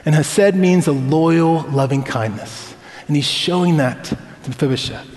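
A pastor preaches a sermon, his voice on the high side with a darkish tone and an unhurried pace. He tells stories conversationally, weaving in personal anecdotes, and the recording carries a long hall reverb.

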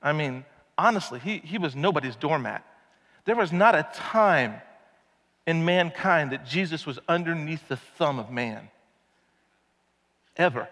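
A man preaching a conversational sermon, casual and animated, often asking his listeners rhetorical questions. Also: fairly high pitch, unhurried, pauses often. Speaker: pastor. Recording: long reverb of a large hall.

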